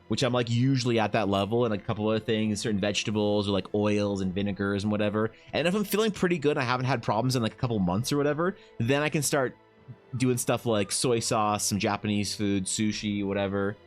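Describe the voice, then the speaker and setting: Faint music plays behind a man with a lowish voice who talks quickly on his art livestream. He rambles casually, full of fillers and offhand swearing, reading out chat and speaking to his dog.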